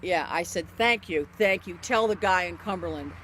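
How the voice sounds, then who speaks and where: A woman recounting a personal story in a relaxed, conversational way. She stays animated and acts out what others said as she goes. She often breaks off and restarts her sentences mid-thought. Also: lowish voice, moderate pace, a little hiss or hum. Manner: animated, acts out other people's quoted lines; frequent restarts and self-corrections. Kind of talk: casual spoken anecdote.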